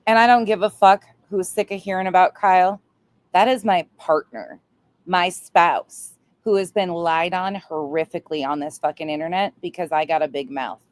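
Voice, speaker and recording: A woman hosting a livestream chat, blunt, profane and fired up. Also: lowish voice. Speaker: livestream host. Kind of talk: casual chat.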